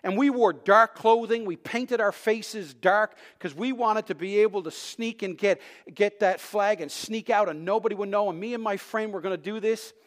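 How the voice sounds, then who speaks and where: A man preaching a sermon, telling a personal story with animated delivery that swings between loud bursts and hushed tones, sometimes restarting words. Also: sits high, moderate pace, few pauses. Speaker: pastor.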